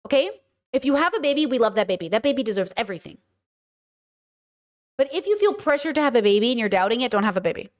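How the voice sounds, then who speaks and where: A woman hosting a casual livestream, talking to her chat in a blunt, animated way and swearing freely. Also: a little high, fast, long pauses. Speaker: streamer host.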